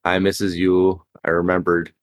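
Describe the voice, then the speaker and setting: A man's voice: low-pitched, completely flat delivery, moderate pace, no room sound. A man playing a tabletop game, partly in character, with wry joking asides. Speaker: player.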